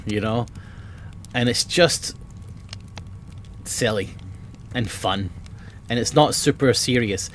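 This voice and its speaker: Streamer, male, mid-pitched, rambling, eager, casual swearing, faint background hiss. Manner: rambling and enthusiastic, swears often. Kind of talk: casual chat about books. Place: home room with bookshelves.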